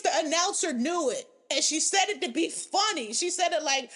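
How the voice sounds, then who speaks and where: A woman hosting a podcast, giving animated, profane, opinionated commentary in casual chat. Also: high voice, moderate pace, hardly any pauses. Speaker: podcast host.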